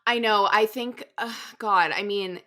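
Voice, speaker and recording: A young woman co-hosting a casual podcast chat, adding reflective comments and quick agreement. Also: mid-range voice, steady tone, bright, forceful tone. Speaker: podcast co-host.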